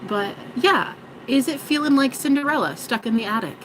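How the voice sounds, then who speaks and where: A woman's voice: high voice, expressive, moderate pace, slight background noise, poor audio. A woman vlogging in a rambling, joking monologue, swearing and mocking herself. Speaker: spiritual vlogger.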